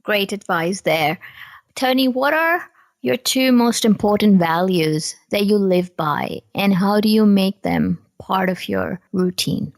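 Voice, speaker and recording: Slow-spoken woman podcast host. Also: mid-range voice, lively intonation, vocal fry, dry recording. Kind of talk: interview questions.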